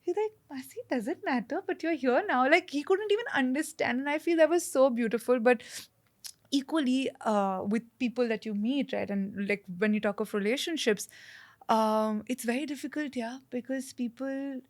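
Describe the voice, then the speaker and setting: A woman's voice: high voice, normal speed. A woman, a guest in a casual podcast conversation, talking animatedly with many fillers and restarts.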